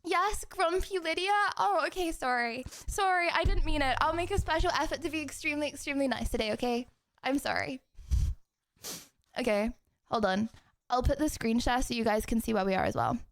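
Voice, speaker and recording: A young woman hosting a live stream, talking casually and playfully to her viewers. Her voice sits high. She chats in a bubbly, self-teasing way and moves quickly from one thought to the next. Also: expressive. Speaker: streamer hosting chat debates.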